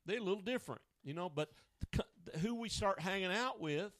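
A man's voice: high voice, lively intonation, a little fast, a bit bright, no echo. A male pastor preaching a down-home radio sermon, telling stories in casual, colloquial speech. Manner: down-home storytelling, colloquial grammar.

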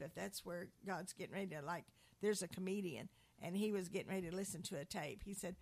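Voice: mid-range voice, a little fast, creaky, few pauses, darkish tone. An earnest preacher in an informal sermon, quoting scripture and often repeating and restarting words.

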